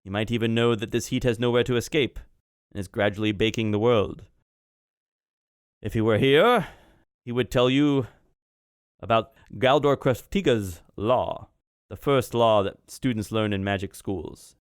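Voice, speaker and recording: A man voicing a cryptic, ageless male being in an adopted body, who asks slow, probing questions in a tabletop game. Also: mid-range voice, clear, resonant tone, no echo, clean studio sound, lightly acted. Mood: lecturing.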